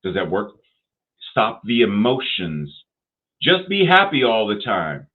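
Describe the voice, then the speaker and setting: A man giving a sermon, deliberate and repetitive, asking rhetorical questions. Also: lowish voice, wildly swooping pitch. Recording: tinny phone-like sound.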